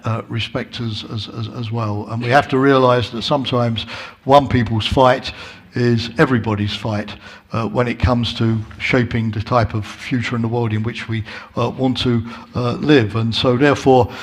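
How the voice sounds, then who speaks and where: Guy moderating a panel, stop-start, loads of uhs. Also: medium pitch. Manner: halting, filler-heavy wrap-up.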